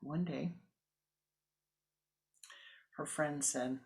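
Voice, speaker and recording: Woman spiritual teacher, slow deliberate storyteller. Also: deep voice, vocal fry. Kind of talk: storytelling sermon.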